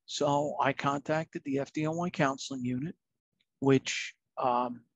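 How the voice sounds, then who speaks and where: A man's voice: medium pitch, steady tone, measured pace, vocal fry, dry recording. A middle-aged man, a retired fire captain telling his own story in a candid, earnest, plain-spoken way.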